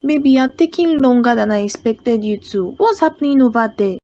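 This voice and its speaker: A woman's voice: fairly high pitch, expressive, moderate pace, dark tone, no room sound, lo-fi sound, soft background music. A woman voicing a suspicious girlfriend in a cartoon, speaking demandingly.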